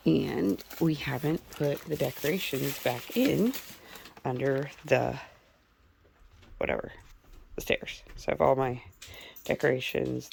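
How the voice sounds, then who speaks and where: A middle-aged woman chats casually and rambles through a vlog filmed indoors at home. Her very deep voice has vocal fry and a darkish tone, and the home recording is noisy.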